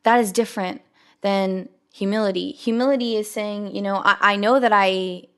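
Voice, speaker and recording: A woman's voice: medium pitch, steady tone, normal speed, fairly bright tone, clear, resonant tone. A young woman hosting her own podcast, talking alone in a chatty, earnest way with many fillers and quoted asides. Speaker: podcast host. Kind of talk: casual solo podcast monologue.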